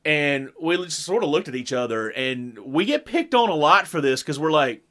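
Middle-aged man, casual storyteller, lively voice, acts out dialogue. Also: on the high side, normal speed. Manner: animated, acts out quoted dialogue. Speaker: podcast co-host.

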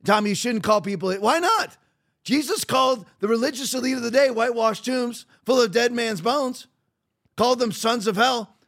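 A man with a strikingly high-pitched voice hosts a podcast in an opinionated monologue. He is combative and mocking. He often restarts his sentences mid-thought. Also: normal speed, fairly bright tone. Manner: rambling with frequent restarts. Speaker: podcast host.

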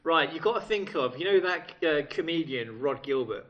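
A man's voice: lively intonation, normal speed, fairly bright tone. Sweary, teasing English man. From England. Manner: sweary, teasing, bursts into high comic accent voices. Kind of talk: casual chat, accent impression game. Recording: dull lo-fi recording.

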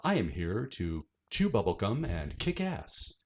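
A man playing a bitter, deadpan rejected puzzle piece in an improvised comedy podcast bit, with a wounded, self-pitying manner. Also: lowish voice, measured pace, background noise, full character voice. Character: bitter rejected male Tetris piece shaped like pi.

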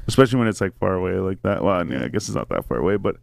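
A man's voice: sits low, very animated, rapid-fire, gravelly, crowd noise. A man telling a long story in casual chat, rambling and profane with many fillers. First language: English.

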